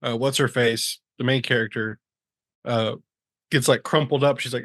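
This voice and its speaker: A man's voice: mid-range voice, steady tone, moderate pace, a bit bright, no room sound, clean studio sound. A man co-hosting a casual movie podcast, explaining plot points and chuckling mid-sentence. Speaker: podcast co-host.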